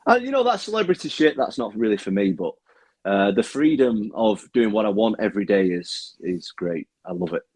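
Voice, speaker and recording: A man's voice: on the low side, very animated, a little fast, darkish tone, slightly rough, dry recording. A young man with a Manchester accent, a guest fighter chatting candidly in an interview, swearing freely and restarting his sentences. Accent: Manchester English. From Manchester, England. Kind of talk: casual interview chat.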